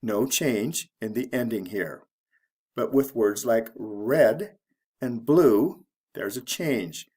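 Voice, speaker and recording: Slow, deliberate male English teacher. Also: mid-range voice, darkish tone, breathy edge. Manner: slow, deliberate, spells out letters one by one. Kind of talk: explaining spelling rules.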